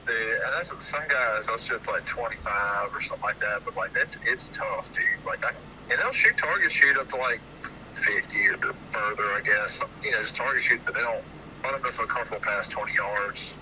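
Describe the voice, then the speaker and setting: A man chats as a podcast guest in a relaxed, easygoing manner, dropping "dude" as he talks. His voice sits at an ordinary middle pitch. A clear hiss of background noise sits under the recording. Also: fairly quick. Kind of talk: casual chat.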